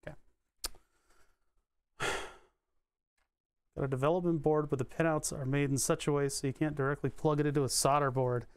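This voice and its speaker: A man's voice: fairly high pitch, steady tone, normal speed, long pauses, smooth, no echo, clean studio sound. A man live-streaming as he solders electronics, muttering to himself and answering questions from chat in a casual, rambling way.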